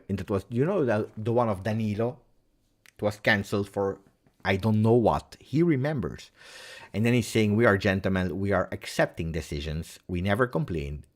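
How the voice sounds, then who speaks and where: A man with an Italian accent hosting a live football reaction stream, talking casually and joking, with many "uh"s. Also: medium pitch. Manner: animated, joking, halting with "uh"s.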